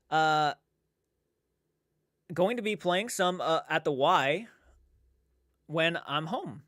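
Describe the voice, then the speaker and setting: A man's voice: fairly high pitch, normal speed, long pauses, a bit bright, no room sound, studio quality. A man livestreaming from home, chatting casually and rambling, repeating himself and reading chat aloud. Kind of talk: casual live-stream chat.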